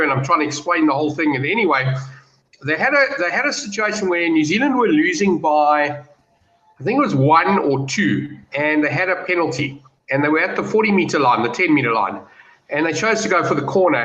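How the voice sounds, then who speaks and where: A man giving confident betting views and telling stories in a casual panel chat over a video call. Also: a little high. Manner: animated, storytelling, confident. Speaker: betting pundit. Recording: roomy, dull lo-fi call audio.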